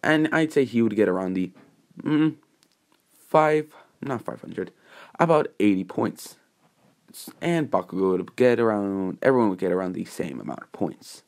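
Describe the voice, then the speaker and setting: A man telling a fan story off the cuff, wandering through his sentences and correcting himself as he goes. His voice sits on the low side and the tone stays casual and unscripted. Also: expressive, moderate pace, a little mellow. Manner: rambling, with fillers and self-corrections. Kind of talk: casual improvised narration.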